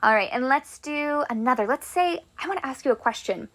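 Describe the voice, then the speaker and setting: A woman teaching a Spanish grammar lesson, upbeat and encouraging, slowing down to draw out her examples. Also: sits high, animated, a bit bright.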